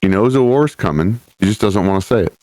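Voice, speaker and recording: A man's voice: lowish voice, animated, fast talker, mellow, no room sound. Blunt man playing a tabletop game. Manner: blunt and matter-of-fact. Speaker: player. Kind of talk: tabletop role-play.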